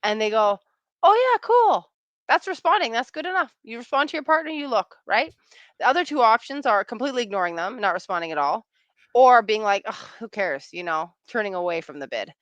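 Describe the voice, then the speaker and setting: A woman in her thirties, a relationship coach, answering interview questions in a chatty, animated way and acting out quoted lines. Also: fairly high pitch, quick pace, no echo, highs cut off.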